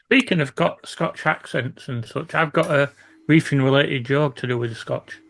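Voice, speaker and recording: A man's voice: medium pitch, moderate pace, creaky, a bit bright. A man on a casual hobby podcast, chatting and telling a rude joke with plenty of swearing. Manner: blunt, swears freely while telling jokes. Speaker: podcast co-host.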